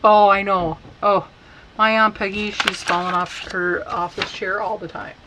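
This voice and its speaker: Slow-talking woman giving a craft tutorial. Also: mid-range voice, fairly even intonation, background noise. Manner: chatty and unhurried, talks while working. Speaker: card-making instructor. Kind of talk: casual stamping tutorial.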